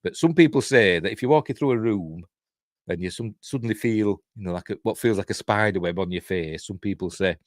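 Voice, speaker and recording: A man's voice: fairly low pitch, a little fast, no room sound, clean studio sound. A middle-aged man with a Yorkshire accent recapping a horror film in a rambling, casual way, chuckling and briefly acting out characters' lines. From Yorkshire, England. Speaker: film reviewer.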